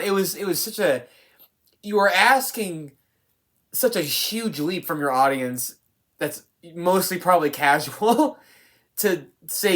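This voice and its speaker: A film reviewer speaks casually and off the cuff in a medium-pitched, fairly bright voice at normal speed. He rambles with lots of fillers and restarts and swears freely.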